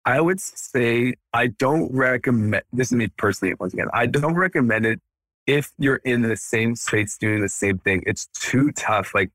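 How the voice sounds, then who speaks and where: A man in his thirties, a dentist and practice owner, chatting as a guest on a podcast in an energetic, animated way. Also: medium pitch, moderate pace, no echo. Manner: energetic, animated, acts out quotes. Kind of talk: casual podcast interview.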